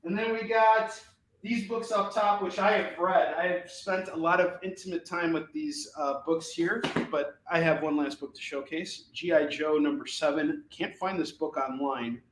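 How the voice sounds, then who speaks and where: Chicago guy hawking comics live, kinda high voice, rambly and upbeat, echoey room with a faint hum. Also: fairly even intonation, normal speed, a bit bright, recorded from a distance. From Chicago, US Midwest. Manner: rambling, upbeat salesman patter. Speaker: host selling comic books. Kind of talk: casual live-selling chat.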